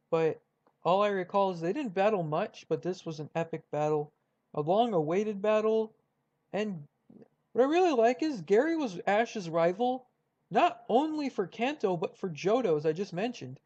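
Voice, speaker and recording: A man's voice: high-pitched, a little mellow, muffled recording. A young man casually chatting through a ranked list, rambling with many fillers and restarts. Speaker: YouTuber ranking cartoon rivals. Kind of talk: casual commentary.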